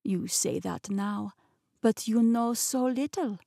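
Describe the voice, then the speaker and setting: A woman voicing a scheming man with a thick Russian accent in an audiobook, talking smoothly and coaxingly. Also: on the high side, takes it slowly, mellow, no echo, clean studio sound, full character voice. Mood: persuasive. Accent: Russian (put on). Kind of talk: audiobook character voice.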